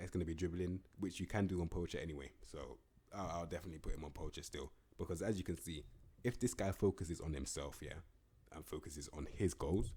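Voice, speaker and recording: A young man giving casual, slangy, rambling commentary on a video game. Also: deep voice. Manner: slangy, rambling, animated banter. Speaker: gaming YouTuber.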